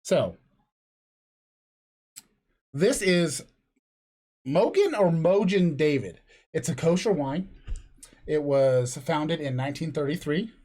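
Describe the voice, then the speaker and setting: Higher-voiced man, rambling crude jokes. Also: animated, takes it slowly, long pauses, dark tone. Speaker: podcast co-host. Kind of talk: casual podcast chat.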